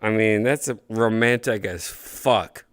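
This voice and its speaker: A man hosting a podcast in a casual chat, giggling constantly and bursting into excited shouts. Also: lowish voice, measured pace, clean tone. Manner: giggly, laughs constantly between lines. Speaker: podcast host.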